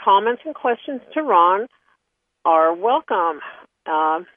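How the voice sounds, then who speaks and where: A woman co-hosts a radio show, reading out announcements in a friendly but hesitant manner full of small pauses. Her voice is thin and phone-like, with no room echo at all. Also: mid-range voice, big pitch swings. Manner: friendly, hesitant, with many fillers. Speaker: radio co-host. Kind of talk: casual radio talk and announcements. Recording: phone-like line, dry.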